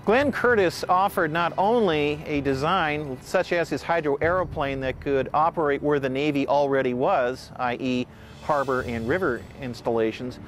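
Higher-voiced man explaining history. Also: normal speed. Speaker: interviewed expert. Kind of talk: documentary interview.

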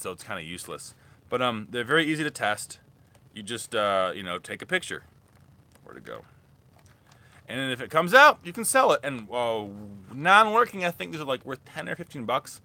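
A man's voice: mid-range voice, big pitch swings, moderate pace, sharp tone, no echo. A young man rambling casually through a live thrift haul as a reselling vlogger. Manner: rambling, chatty, restarts often.

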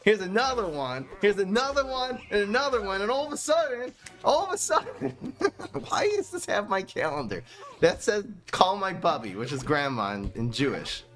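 A man's voice: high voice, moderate pace, soft background music. Guy streaming a card game, laughs a lot, roasts himself, voice jumps all over the place. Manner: excitable, laughing, self-mocking, talks to chat. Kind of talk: live-stream gameplay commentary.

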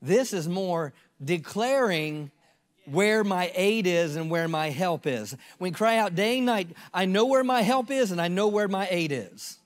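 A man's voice: high-pitched, expressive, measured pace, in a large hall. A pastor in his fifties preaching a sermon, earnest and repeating phrases for emphasis.

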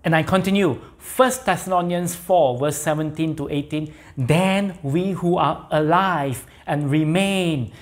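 Slow, deliberate male pastor. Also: on the high side. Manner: slow, deliberate preaching with emphatic repetition. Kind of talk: sermon.

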